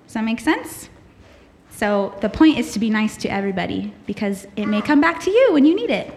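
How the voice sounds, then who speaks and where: A woman's voice: a little high, very animated, fairly quick, a little mellow, slight background noise. A woman leading a children's story time at church, reading aloud and coaching the kids to act out the story in an upbeat way.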